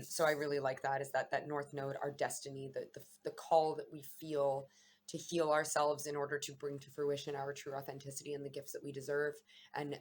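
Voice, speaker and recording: A woman with a low voice shares her daily astrology reading in a loose, unscripted way. She muses reflectively, wanders between thoughts and restarts her sentences as she goes. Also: a little hiss or hum. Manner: meandering, reflective, self-correcting. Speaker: astrology vlogger. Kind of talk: casual spiritual musing to camera.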